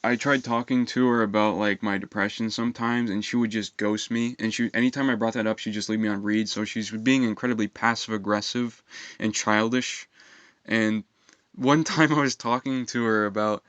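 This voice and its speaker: Aggrieved young man, smooth low voice. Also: steady tone, fairly bright tone, no echo, highs cut off. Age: young adult. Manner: aggrieved, profane, halting with fillers. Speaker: vlogger. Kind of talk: rambling personal storytime monologue.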